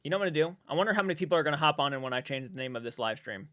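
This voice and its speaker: A man's voice: fairly high pitch, lively intonation, very fast, pushed and bright, no echo, clean studio sound. A man chatting casually on a live stream, reading viewers' comments aloud, rambling and swearing freely.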